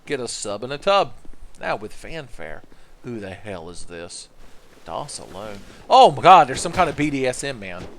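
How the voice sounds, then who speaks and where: A man giving casual commentary over his gameplay, riffing and cursing freely. His pitch swings widely as he jumps between loud outbursts and low asides. His voice sits in a middle register. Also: normal speed. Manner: joking, profane, excitable outbursts. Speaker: livestreamer playing a video game.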